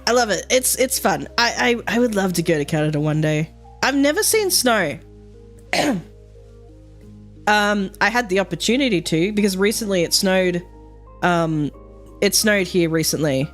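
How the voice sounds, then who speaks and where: A woman's voice: medium pitch, animated, moderate pace, soft background music. A young woman chatting casually on a livestream, rambling with lots of fillers, frequent laughter and casual swearing. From Australia. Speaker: streamer.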